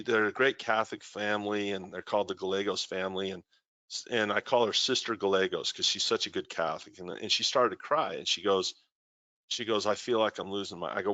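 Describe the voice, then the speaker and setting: A man hosts a live-streamed trading show, reading viewer comments aloud and telling stories in a chatty way. His voice is on the low side with a sharp tone and no echo.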